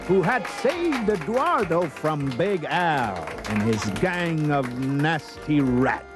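A man reads a children's picture book aloud, his voice swooping high and low with lively expression. He takes his time over each line, sounding slightly higher than most men, and music plays clearly behind him. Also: slow pace. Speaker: storyteller. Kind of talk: children's story read-aloud. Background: background music.

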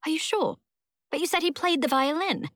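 A woman voicing an excitable young boy who fires off breathless, urgent questions in an audiobook. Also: high-pitched, moderate pace, dry recording, studio quality, pitched above the performer's own voice. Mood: pressing.

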